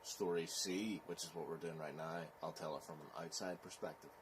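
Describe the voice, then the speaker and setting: A man with a Belfast accent, telling a scary story in slow, rambling casual chat, with "so it is" tags. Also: deep voice, steady tone, husky. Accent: Northern Irish, Belfast.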